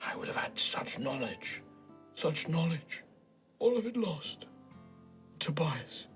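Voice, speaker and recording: A man's voice: a little high, very animated, takes it slowly, faint music behind, pitched above the performer's own voice, heavily acted. A man voicing a bitter old scholar villain. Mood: bitter, defeated. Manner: quiet, hushed and brooding.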